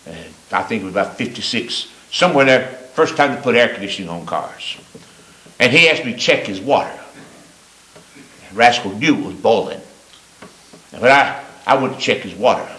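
An older man preaching a sermon in a church, his emphasis swinging from loud rising lines to low quiet asides. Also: animated, moderate pace, pauses often, roomy sound, rough recording. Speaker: pastor. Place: church sanctuary.

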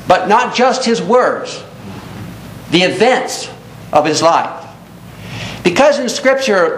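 A man preaching a sermon in earnest tones, reading scripture aloud and explaining it to a congregation. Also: a bit bright. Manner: earnest, reads scripture aloud in King James wording. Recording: echoey room with faint rumble.

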